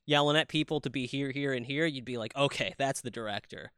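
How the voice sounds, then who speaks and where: Man, bright crisp voice, dry close mic, excitable casual podcast chatter, swears a lot. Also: mid-range voice, no room sound. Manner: excitable, swearing, quick asides. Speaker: podcast co-host.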